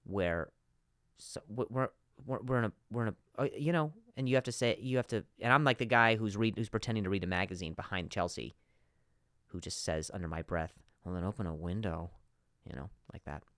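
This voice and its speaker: A man hosting a comedy podcast, ranting in an animated monologue with frequent stutters and asides. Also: lowish voice, fairly quick, clear, resonant tone, no echo, clean studio sound.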